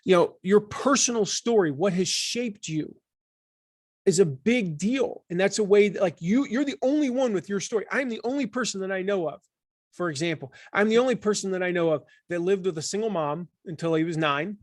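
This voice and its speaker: A man in his forties from the Southern United States, talking as an author in an interview, animated and full of restarts. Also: sits high, brisk, no room sound, studio quality. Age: 40s. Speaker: author and guest. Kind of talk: conversational interview.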